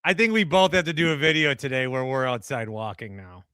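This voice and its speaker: Man on a sports podcast, dry wry quips, really bright voice. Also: mid-range voice, brisk, clean tone, no room sound. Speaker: podcast co-host. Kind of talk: casual sports chat.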